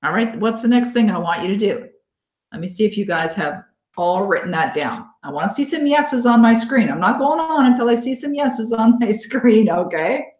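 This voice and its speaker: A woman hosting a live online coaching webinar, encouraging and upbeat, thanking listeners by name and slowing down to guide them. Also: fairly high pitch, expressive, a little mellow. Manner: slow, coaxing guidance in visualization parts. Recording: echoey room.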